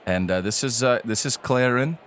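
A man's voice: medium pitch, normal speed, fairly bright tone, pitched above the performer's own voice, lightly acted. A man voicing a fretful dwarf king and fond father who talks hesitantly, full of ums and uhs. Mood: flustered.

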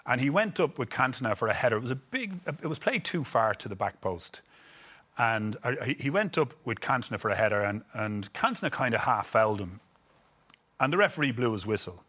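Expressive and fairly quick, this medium-pitched, fairly bright-toned man is a middle-aged former footballer from Ireland. He tells stories in a relaxed interview, rambling and repeating words as he acts out what people said.

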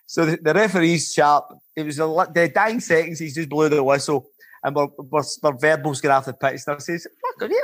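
A middle-aged man, a former footballer turned coach, telling swearing, animated stories with laughter on a podcast. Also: fairly high pitch. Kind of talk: podcast storytelling.

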